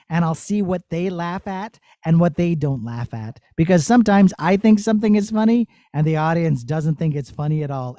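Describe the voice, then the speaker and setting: A man who works as a puppeteer, answering children's questions in a playful, animated way on a video call. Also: a little high, dry recording. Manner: animated, storytelling tone with silly asides.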